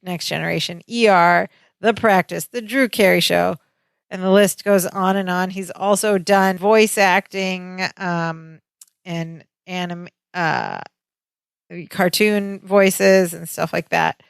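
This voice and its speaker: A woman's voice: fairly low pitch, steady tone, slow, gravelly, clean tone, dry recording. A woman co-hosting a podcast, chatting casually as she recaps a sitcom episode. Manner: conversational, lists credits, quotes characters in a raised voice. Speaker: podcast co-host.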